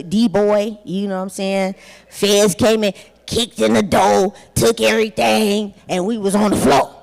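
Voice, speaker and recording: A woman in her forties giving a candid, blunt personal testimony with some profanity at a conference. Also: a little high. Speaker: conference speaker. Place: large conference hall. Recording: long hall reverb.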